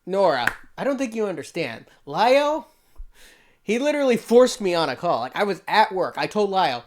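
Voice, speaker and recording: A man's voice: high-pitched, big pitch swings, a little fast. A young man giving casual reaction commentary, defensive, laughing often and saying "bro" a lot. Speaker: YouTuber reacting to a video.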